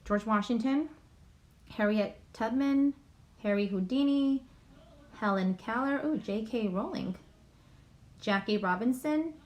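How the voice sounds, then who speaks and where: A woman's voice: on the high side, unhurried, pauses often, highs cut off. A woman hosting a casual livestream at home. She reads names aloud and keeps apologizing for mispronouncing them. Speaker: YouTube livestream host. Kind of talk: casual livestream chat, reading a list aloud.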